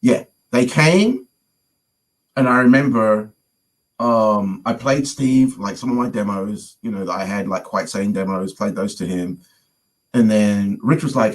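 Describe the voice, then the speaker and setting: A man's voice: fairly low pitch, measured pace, pauses often, rough recording. A man from London with a London accent, telling a story in a casual conversation and acting out the voices of the people in it. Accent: London English. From London, England. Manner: animated storyteller, acts out quoted voices. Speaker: guest musician.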